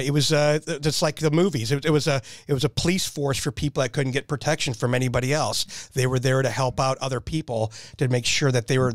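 A man in his fifties telling animated stories in casual conversation, laughing often and acting out the voices of people he quotes. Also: mid-range voice, no echo, studio quality. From Nebraska. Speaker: podcast guest, military veteran. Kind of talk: casual storytelling.

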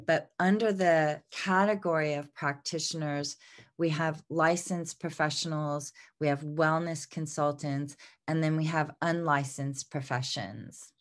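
A woman's voice: low-pitched, fairly even intonation, a little slow. A middle-aged woman teaching an aromatherapy lesson over slides, a little congested, talking off the cuff with many ums and restarts. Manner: unscripted, many fillers and restarts.

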